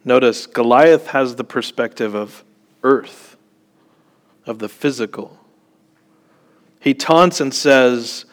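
Male preacher, unhurried delivery, chatty sermon style, peppers his teaching with light jokes and "okay?" checks. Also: medium pitch. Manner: conversational, with joking asides and frequent "okay?" check-ins.

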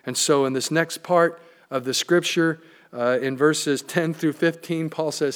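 Higher-voiced man preaching a sermon. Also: steady tone, unhurried. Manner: emphatic preaching with joking asides. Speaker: pastor.

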